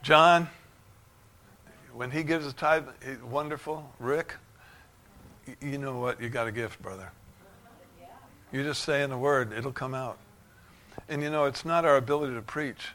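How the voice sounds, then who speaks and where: Male pastor, fervent sermon delivery, bright forward tone, dynamic swings from hush to shouts. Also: a little slow, long pauses. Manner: fervent, rising to shouts of joy then dropping low. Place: church sanctuary.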